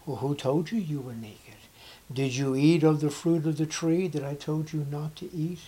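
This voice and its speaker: A man preaching voices God as a stern father quietly questioning the first man, speaking in probing questions. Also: on the high side, normal speed, slightly rough, low-quality recording.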